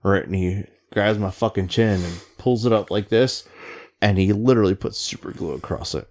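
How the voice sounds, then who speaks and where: A man's voice: lowish voice, moderate pace, darkish tone. A middle-aged man, a Navy veteran, telling rambling stories in casual chat, swearing freely and laughing along.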